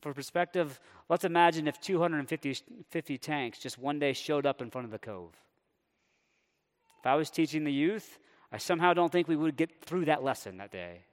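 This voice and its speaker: A man delivers a sermon in a lively, conversational way, now and then slipping into a character's indignant inner voice. His voice sits a bit high for a man. A long reverb trails behind him, as in a large hall. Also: normal speed. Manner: animated, voicing characters' indignant thoughts. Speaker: preacher.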